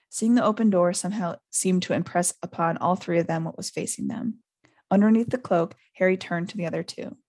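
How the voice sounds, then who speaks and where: A woman hosting a podcast, casually reading a novel aloud and lifting her pitch into lively voices for the characters' quoted lines. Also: a little fast, gravelly, dry recording, studio quality.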